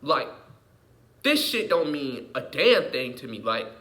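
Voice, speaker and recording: A man delivering an unscripted, heated, profane monologue rant as a vlogger, repeating himself and swinging between muttering and yelling. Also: medium pitch, very animated, unhurried.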